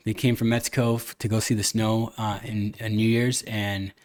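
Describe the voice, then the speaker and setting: Animated male podcast host telling stories. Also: mid-range voice. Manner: animated storyteller, many restarts, retells dialogue, occasional cussing. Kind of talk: casual chat.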